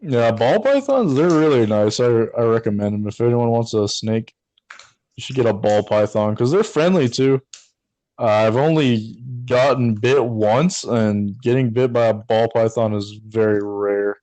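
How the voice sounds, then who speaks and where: A man's voice: medium pitch, lively intonation, a little slow, mellow, dry recording, rough recording. A young man from Texas, co-hosting a podcast with friends in a loose, rambling chat, laughing easily. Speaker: podcast co-host. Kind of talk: casual chat.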